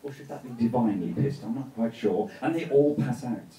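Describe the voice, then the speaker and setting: A man's voice: medium pitch, animated, brisk, dark tone. A man telling a tale live on a festival stage, playful, with joking asides, heard from a distant mic in a roomy venue. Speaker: storyteller. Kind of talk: live storytelling performance.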